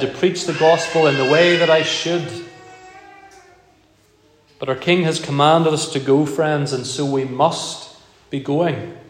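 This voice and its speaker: A male pastor preaching a sermon in a measured, emphatic way, repeating key phrases. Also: mid-range voice. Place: church. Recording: echoey church hall, long reverb.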